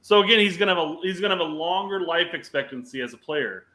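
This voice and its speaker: A man's voice: on the high side, lively intonation, fast, sharp tone. A man co-hosting a soccer podcast, speaking emphatically and analytically, swearing casually. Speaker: podcast co-host.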